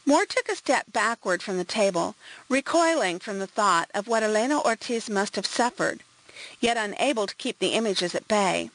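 A woman narrating an audiobook in an even, composed reading voice. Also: mid-range voice, moderate pace, poor audio. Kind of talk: scripted narration.

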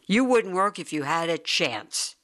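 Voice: medium pitch, big pitch swings, a little slow, pushed and bright. A reader doing a bullying, self-righteous rich man. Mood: scornful. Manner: gruff, lecturing, snapping.

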